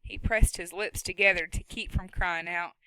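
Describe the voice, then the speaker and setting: A woman reading a novel aloud with a steady, expressive delivery and a bright, crisp tone. The recording is dead dry, close to a studio mic. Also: on the low side, normal speed, dry recording, poor audio. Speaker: audiobook narrator. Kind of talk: scripted narration.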